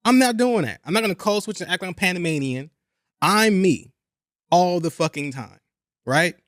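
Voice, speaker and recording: Young male podcast host, high-pitched, animated and blunt, dry close mic. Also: normal speed, no echo. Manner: animated, profane, repeats himself for emphasis. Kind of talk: casual chat.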